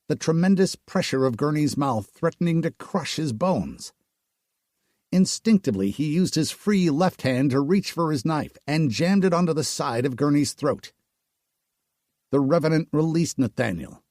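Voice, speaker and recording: A man reading a dark fantasy audiobook aloud in slow, dramatic storytelling. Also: medium pitch, dry recording, clean studio sound. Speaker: audiobook narrator. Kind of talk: scripted narration.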